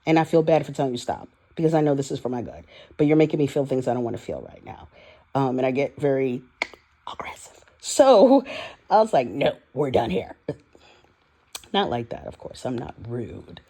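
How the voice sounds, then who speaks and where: In an audio-only personal vlog, a woman with a low, warm, relaxed voice speaks briskly and candidly about her life. She's open and emotional, laughing often and trailing off into restarts as she hunts for words.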